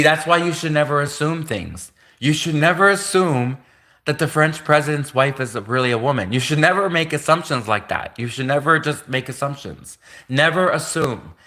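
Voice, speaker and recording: A man's voice: a little high, fairly quick, bright, forceful tone. A young Canadian man hosting a livestream, rambling in casual commentary, repeating himself and laughing often. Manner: repetitive, laughing often, casual filler-heavy. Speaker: livestream host.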